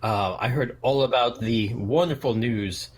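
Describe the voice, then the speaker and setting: A man's voice: medium pitch, a little slow, a little hiss or hum, natural voice. A man voicing a polite, overly formal cafe owner in a tabletop game. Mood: courteous.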